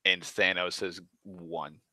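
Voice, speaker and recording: A man giving a rambling, profane recap of a film, excitable and full of restarts. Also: deep voice, slow, dry recording. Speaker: movie vlogger.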